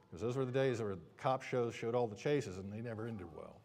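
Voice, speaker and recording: A preacher telling a humorous personal story during a sermon, with lively, animated delivery. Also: male voice, mid-range voice, a little fast, a little hiss or hum.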